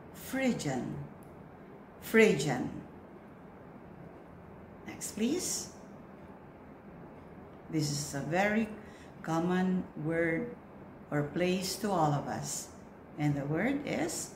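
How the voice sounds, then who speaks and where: Slow, patient woman leading a pronunciation drill. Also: fairly low pitch. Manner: slow, patient, spaced-out prompts with long pauses. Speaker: pronunciation coach for church lectors. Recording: echoey room with faint noise.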